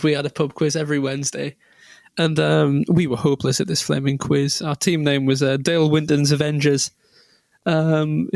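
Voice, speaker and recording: Brief: co-host, fairly high voice, loose self-mocking storyteller, dry close sound. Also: male voice, gravelly, no echo. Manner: rambling, self-deprecating, with many ums. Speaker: podcast co-host. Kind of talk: casual chat, storytelling.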